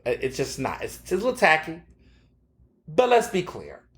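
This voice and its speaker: A man hosts his own podcast, talking in a sassy, animated way with plenty of fillers and swearing. His voice sits a bit high. The room around him is noticeably echoey. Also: normal speed. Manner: sassy, animated storytelling with frequent fillers and profanity. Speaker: podcast host. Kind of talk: casual opinion monologue.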